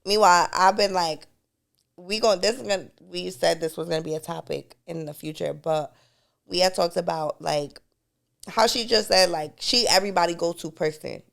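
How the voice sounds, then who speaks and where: A woman's voice: fairly low pitch, normal speed, creaky. A woman co-hosting a podcast, telling stories in casual chat and breaking into laughter. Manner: storytelling, bursts into laughter. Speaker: podcast co-host.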